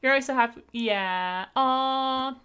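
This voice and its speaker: Over gameplay, a bubbly young woman from Canada talks to her stream audience with lively intonation, laughing easily and thanking viewers. Her voice is a touch high and very bright, and the chat feels casual, as though from a home setup.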